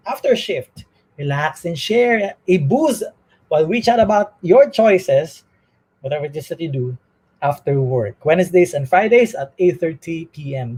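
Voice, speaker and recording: A man's voice: high voice, a little mellow, husky, low-quality recording. A man from the Philippines hosting a talk show, reading promos and interviewing a guest. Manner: reads promos at length, laughs at himself.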